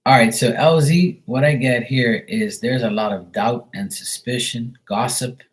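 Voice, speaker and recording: A man's voice: mid-range voice, a little slow. A man giving casual, profane tarot readings on a livestream, chatting loosely and laughing often between cards. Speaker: tarot reader.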